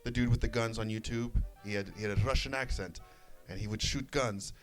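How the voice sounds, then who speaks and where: A man's voice: on the low side, steady tone, brisk, faint music behind. A young man, a podcast co-host, telling a long story in casual chat, swearing freely and acting out what people said. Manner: rambling storyteller, swears freely, acts out quotes.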